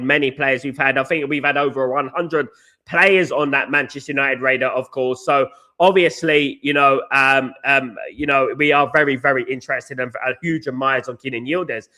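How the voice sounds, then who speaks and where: Streaming indoors from a Naples hotel or flat, this man chats about transfer news and reads out viewer comments. His medium-pitched voice sounds pushed, bright, and a little hoarse. He greets people in chat by name and repeats "of course, guys" often.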